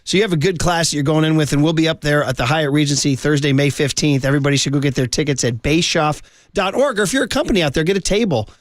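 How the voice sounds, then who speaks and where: A man hosting a sports radio show, talking quickly and enthusiastically with lots of laughs. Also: on the high side, dry recording, studio quality. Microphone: studio microphone.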